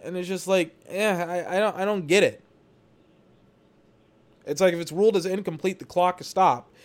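Guy ranting along to a football game on his podcast, fairly high voice, all over the place and fed up. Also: moderate pace. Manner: exasperated, rambling, swears. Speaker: podcast host watching a game. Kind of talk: live watch-along commentary.

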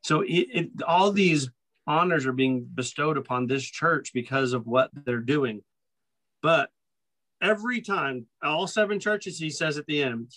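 A man's voice: fairly high pitch, a little slow, fairly bright tone, low-quality recording. A man co-hosting a podcast who teaches from the Bible in a casual way. He reads scripture passages aloud and repeats his points with emphasis. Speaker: podcast co-host.

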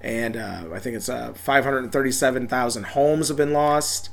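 A man's voice: medium pitch, fairly even intonation, normal speed, gravelly, a bit bright. Guy co-hosting a podcast from a home studio, laid back, lots of ums and restarts, swears casually. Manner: loose, swearing, trails off with fillers. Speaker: podcast co-host. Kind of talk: casual chat.

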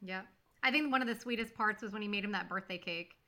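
A woman with a bright, clear voice at a middle pitch joins a relaxed movie chat. She shares behind-the-scenes facts and dwells on the tender moments. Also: fast. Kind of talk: casual movie review chat.

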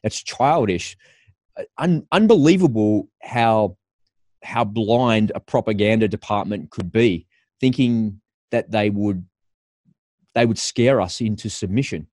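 Scornful Australian man, low and dry. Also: slow pace, darkish tone, no room sound. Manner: scornful, laughing at his own points. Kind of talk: opinion monologue.

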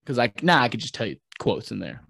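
A man co-hosting a podcast in casual chat, excitable and swearing often, acting out quotes in big voices. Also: mid-range voice, fast talker, gravelly, no room sound. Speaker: podcast co-host.

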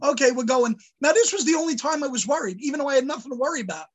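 A high-pitched man tells a story in casual podcast chat. He swears often and shouts quotes in mock outrage. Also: very fast, rough recording. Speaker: podcast co-host.

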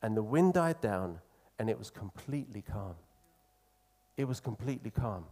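A man preaching a sermon in an earnest, conversational way, slowing down to stress key phrases. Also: on the low side, animated, warm tone.

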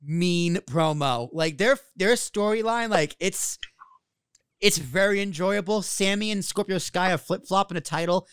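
A man co-hosting a wrestling podcast in casual chat, animated and quick, sometimes slipping into shouted impressions. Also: high voice, smooth. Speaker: podcast co-host.

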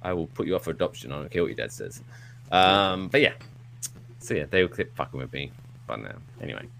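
Podcast host, male, low voice, very animated, rambling and playful storyteller. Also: fast, creaky. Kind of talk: casual storytelling, live podcast. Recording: live show with audience.

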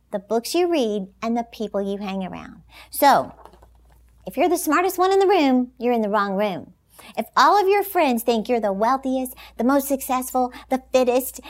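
Woman, high voice, Christian motivational speaker, inspirational talk, emphatic, animated, laughs often.

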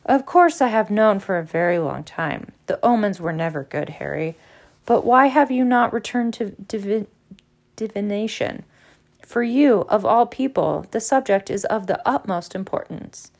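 A woman voicing a dramatic older female seer who speaks slowly in a breathy, ominous tone. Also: medium pitch, lively intonation.

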